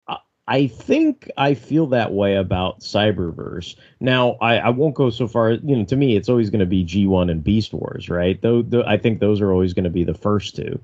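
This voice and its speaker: A man's voice: on the low side, a little mellow. A man co-hosting a casual podcast chat. He rambles, restarts his sentences often and swears freely. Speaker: podcast co-host. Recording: dull lo-fi sound.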